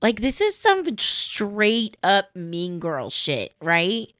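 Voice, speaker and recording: A woman's voice: medium pitch, wildly swooping pitch, drawn-out words, fairly bright tone, no echo, clean studio sound. A woman hosting, commenting casually and chattily, with frequent asides and swearing. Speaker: host.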